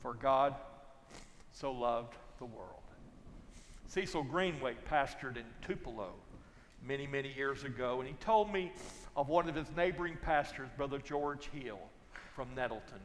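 An older man preaching a sermon, telling folksy stories and swinging from loud to hushed. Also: medium pitch, unhurried, pauses often, long reverb tail, a little hiss or hum. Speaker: pastor.

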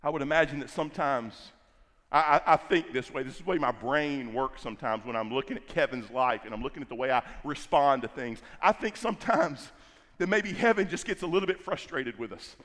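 A man's voice: mid-range voice, fairly bright tone. A middle-aged male pastor preaching a sermon, emphatic and repetitive, stretching key words for stress. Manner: emphatic, repeats phrases, drawn-out stresses. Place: large church hall. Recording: long hall reverb.

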